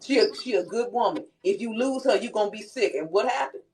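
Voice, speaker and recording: Animated woman chatting on a live stream. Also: medium pitch, brisk, slight background noise. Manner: animated storytelling, quoting others in character. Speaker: host. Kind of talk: casual live-stream chat.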